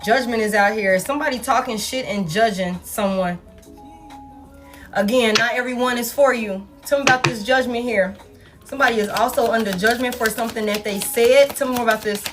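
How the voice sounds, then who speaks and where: A woman's voice: a little high, a little fast. Blunt, profane woman reading tarot cards. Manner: blunt and profane, addresses viewers as y'all. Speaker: tarot reader. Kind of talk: casual tarot reading monologue. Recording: soft music in the background.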